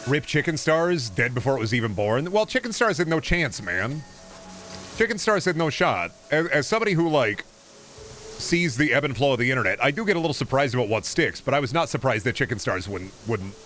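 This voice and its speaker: A man's voice: medium pitch, big pitch swings, fairly quick, a bit bright, soft background music. A male streamer in casual chat, ranting and rambling with a lot of swearing.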